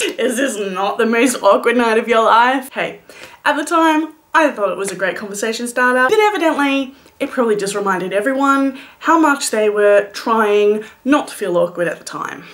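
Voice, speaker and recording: A woman in her late twenties telling a comic story in a vlog, animated and playful, with dramatic whispered asides. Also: on the high side. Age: late 20s. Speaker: vlogger.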